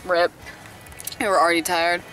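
A young woman vlogging from a car, chatting casually and rambling quickly with laughing asides. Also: fairly low pitch, little pitch movement, a bit bright, rough recording. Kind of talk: casual chat. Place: inside a car in traffic. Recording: road noise from a car. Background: traffic noise.

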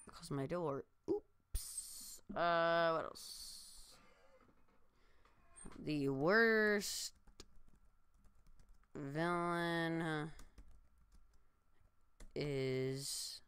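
A man's voice: on the high side, drawn-out words, gravelly, long pauses, a bit bright, smooth, no echo. A tired young man vlogging from his room, rambling with lots of fillers and restarts. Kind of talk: casual chat to camera. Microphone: new desk mic.

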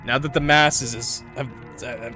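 A man's voice: medium pitch, steady tone, moderate pace, sharp tone, soft background music, natural voice. A man voicing a solemn, commanding cult god. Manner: grave, commanding sermon tone.

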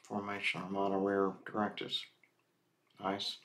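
A man streaming a game, slowly talking himself through his moves in a casual way. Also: deep voice, monotone, a bit bright. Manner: slow, muttering to himself. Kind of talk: casual gameplay commentary.

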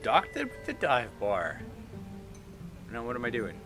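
Excitable man narrating a game, lively pitch. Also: unhurried. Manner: excitable, reads game text aloud in voices. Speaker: gaming YouTuber. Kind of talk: let's play commentary. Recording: light game music behind.

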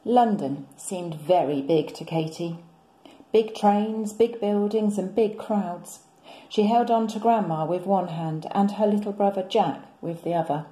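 A woman, a primary school teacher, reading a picture book aloud in a gentle, expressive storytelling manner. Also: mid-range voice, unhurried, echoey room, poor audio.

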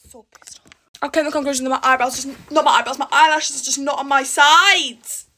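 High-pitched, exasperated young woman. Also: steady tone. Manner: rushed, exasperated, chatty. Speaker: beauty vlogger. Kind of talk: casual get-ready-with-me chat. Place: home, indoors. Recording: noisy room with background cricket sounds. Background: cricket sounds from a smart speaker.

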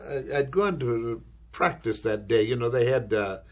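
An older actor telling an anecdote in an interview, animated and acting out the voices he quotes, often adding "you know". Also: medium pitch, normal speed. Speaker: actor recalling his career.

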